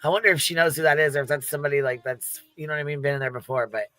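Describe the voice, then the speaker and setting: A woman's voice: low-pitched, racing, a loud crowd. A woman hosting a livestream, reacting to a clip with blunt, profane, mocking commentary. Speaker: host.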